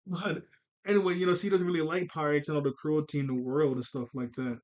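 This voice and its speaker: A man rambles through a casual commentary on an anime film, laughing often and doubling back when he loses the thread. His speaking voice sits a bit high for a man, and his delivery stays loose and slangy throughout. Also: steady tone, quick pace, darkish tone, highs cut off. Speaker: anime reviewer.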